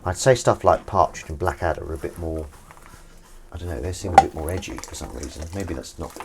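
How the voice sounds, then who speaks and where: Low-voiced rambling livestream host. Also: male voice, a little fast, very noisy. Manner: rambling, reads viewer comments aloud. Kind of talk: casual livestream chat. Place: home kitchen while washing up.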